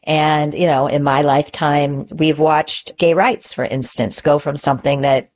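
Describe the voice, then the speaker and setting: A woman's voice: low voice, fairly even intonation, unhurried, a little mellow. A middle-aged woman answering interview questions as a guest lawyer, earnest and thoughtful with frequent fillers.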